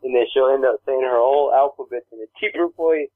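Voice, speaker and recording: A man's voice: mid-range voice, fast talker, dry recording. A man co-hosting a casual chat, telling rambling stories and acting out other people's voices. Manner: rambling storyteller, acts out voices. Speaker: podcast co-host. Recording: dry, phone-like narrow sound.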